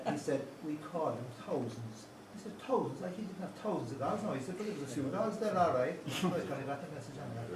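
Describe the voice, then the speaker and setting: A man in his fifties with an Irish accent, telling rambling anecdotes at a reunion dinner and laughing at his own stories. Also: a little high. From Ireland. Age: 50s. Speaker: reunion speaker. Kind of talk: anecdotal after-dinner storytelling. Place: large function room at a dinner. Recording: roomy hall, distant mic, background noise.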